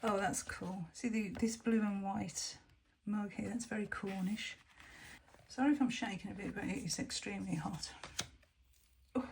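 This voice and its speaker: Woman, unhurried, soft half-whispered musing over an unboxing, faint background hiss. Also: medium pitch, fairly even intonation, creaky. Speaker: tarot deck reviewer. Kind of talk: casual unboxing commentary.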